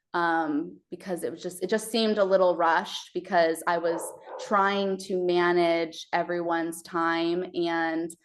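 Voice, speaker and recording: A young woman from Texas, a podcast guest telling her birth story, with many hesitant fillers. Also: lowish voice.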